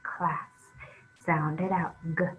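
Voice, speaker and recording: A woman leads a children's phonics lesson at a very unhurried pace, calling out letter sounds and encouraging the young reader. Her voice sits a little low. The recording is dull and lo-fi with a faint hiss behind her. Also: flat delivery. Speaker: reading teacher.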